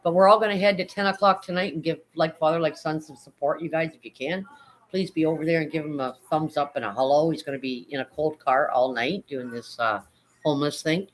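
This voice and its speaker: A woman's voice: low voice, a little fast, poor audio. A middle-aged woman hosting a casual livestream, chatting and reading viewers' comments aloud in a reassuring way, often repeating herself and adding "right?" or "isn't it?". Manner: chatty, reassuring, repeats phrases and adds tag questions. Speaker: livestream host.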